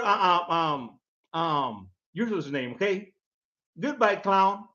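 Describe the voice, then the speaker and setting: A man's voice: sits high, lively intonation, normal speed, a bit bright, dull audio. A man hosting his own video, mocking a commenter in a casual rant, laughing often and repeating himself with lots of "man". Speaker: video host.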